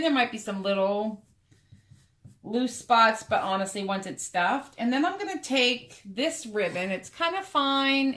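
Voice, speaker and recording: Here a craft vlogger with a higher, slightly bright voice walks through sewing and painting in a relaxed, talkative way. She speaks straight to the viewer as her hands stay busy.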